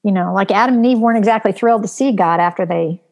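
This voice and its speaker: A woman discusses her faith in an easy conversational way. She speaks earnestly, sliding into a gentle preaching tone, and her thoughts are dotted with ums. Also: mid-range voice, fast talker. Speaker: co-host of a Christian talk show.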